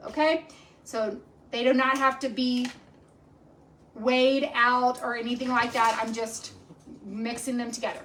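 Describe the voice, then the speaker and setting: Chatty high-voiced woman cooking. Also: fairly bright tone, slight background noise. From Texas. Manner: chatty, rambling, many ums. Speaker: cooking show host. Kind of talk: casual live-stream cooking chat. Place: home kitchen at night.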